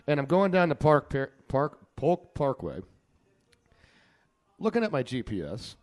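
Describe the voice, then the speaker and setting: A man's voice: fairly high pitch, big pitch swings, a little slow, darkish tone. A man hosting a casual podcast, joking and telling stories, laughing often. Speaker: podcast host. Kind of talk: casual chat.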